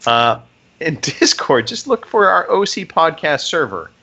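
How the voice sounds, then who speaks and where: A man's voice: on the high side, sing-song, unhurried, sharp tone. A man from the United States co-hosting a casual podcast, joking and rambling through the show plugs. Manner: jokey, rambling announcer reading plugs. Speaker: podcast co-host.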